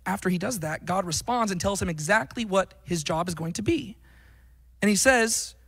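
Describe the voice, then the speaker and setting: A man's voice: high-pitched, fairly bright tone, low-quality recording. A man giving an earnest, emphatic Bible teaching talk, often checking in with "right?". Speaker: Christian teacher.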